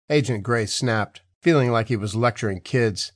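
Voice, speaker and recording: Narrator, male, mid pitch, dry studio read, even and clear. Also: moderate pace, no echo. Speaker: audiobook narrator. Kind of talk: scripted narration.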